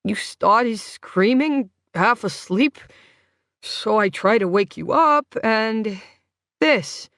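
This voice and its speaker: Woman reader doing a tired, slurring Brooklyn man, pained and unhurried. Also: fairly high pitch, expressive, a bit bright, dry recording, clean studio sound, exaggerated voice. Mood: weary, pained. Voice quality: slurred, muffled speech. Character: injured weary man with a split lip. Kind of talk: audiobook character voice.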